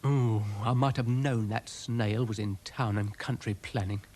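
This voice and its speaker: A man's voice: lowish voice, steady tone, unhurried, a little mellow. Dougal, a man doing a grumbling dog. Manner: dry, grumbling, mutters. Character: grumpy scheming male dog.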